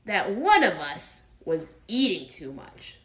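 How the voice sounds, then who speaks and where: Prim, bossy storybook rabbit, put on by a woman; slow, precise, stern. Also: fairly low pitch, big pitch swings, pushed and bright, heavily acted. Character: fussy, self-important male rabbit.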